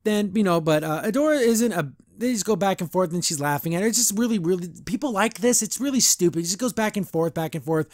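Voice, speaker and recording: Male podcast host, higher voice, dry close sound, sarcastic ranting recap. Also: lively intonation, fast, no room sound. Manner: exasperated, sarcastic, laughs often, mimics characters in mocking voices. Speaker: podcast host reviewing a cartoon episode. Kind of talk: casual recap and rant.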